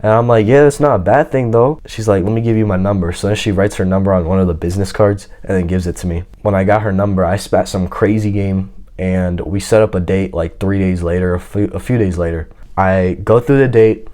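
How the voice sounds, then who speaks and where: A man with a fairly low voice tells a personal story in casual, slangy talk. He comes across as boastful and self-assured. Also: steady tone, a little fast, few pauses, dark tone.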